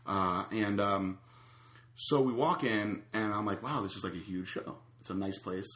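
A man's voice: on the low side, normal speed, reverberant. A man casually telling a long anecdote, acting out the other people's lines. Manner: animated storyteller acting out quotes. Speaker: storyteller guest.

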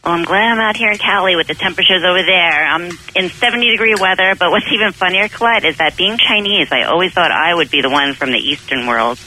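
A woman's voice: fairly low pitch, fast talker, few pauses, bright, forceful tone, slight background noise, low-quality recording. Upbeat woman co-host with a Long Island accent. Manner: upbeat, eager. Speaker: radio co-host. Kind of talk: casual radio chat.

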